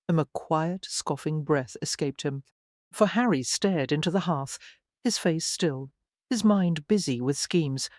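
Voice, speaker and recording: A woman reading a historical romance audiobook in smooth, even scripted narration. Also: low-pitched, a little slow, no echo, studio quality.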